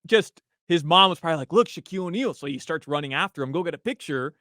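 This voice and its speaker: A man on a sports radio show, telling a story in an animated way and acting out the quotes, on a studio microphone. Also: on the high side, quick pace, dry recording. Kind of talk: casual sports radio banter.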